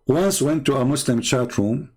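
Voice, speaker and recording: A man's voice: medium pitch, animated, darkish tone. A man telling a mocking story in a rambling, casual monologue as an online debater. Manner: rambling, mocking, quick restarts.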